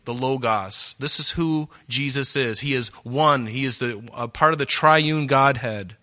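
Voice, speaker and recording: A man's voice: on the high side, moderate pace, hardly any pauses, bright, forceful tone. A male preacher giving a sermon, earnestly reading Bible verses aloud and explaining them.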